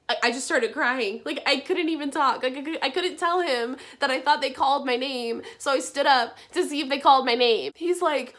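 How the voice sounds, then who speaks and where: A young woman with a slightly high voice recounts a personal story in a casual vlog. She talks in a chatty way, dropping "like" often and swearing freely as she retells it. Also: moderate pace, few pauses, fairly bright tone. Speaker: vlogger.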